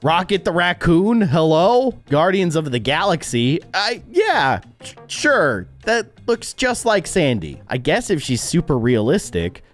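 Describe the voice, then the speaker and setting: A man doing casual reaction commentary as a YouTuber, animated, laughing and easily shocked, on a close desk mic. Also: fairly high pitch, measured pace, few pauses, soft background music.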